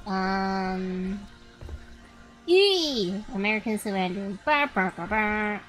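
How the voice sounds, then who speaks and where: A young woman streaming a game, chatting to her viewers with lots of swearing and sudden excited outbursts. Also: mid-range voice, slow pace, soft background music, low-quality recording. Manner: excitable, swears freely, talks to chat. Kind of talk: live gameplay commentary.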